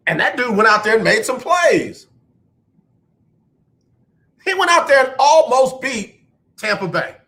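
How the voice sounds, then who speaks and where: A male radio host with a bright, high-pitched voice and a sharp, forceful edge rambles through a sports monologue. He's animated, mocks himself when he gets facts wrong, and speaks unhurriedly with frequent pauses.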